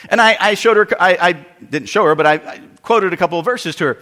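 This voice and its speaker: A man, a pastor, telling a story in a sermon with animated, emphatic delivery and frequent repetition. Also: high voice, quick pace, hardly any pauses, big-room sound.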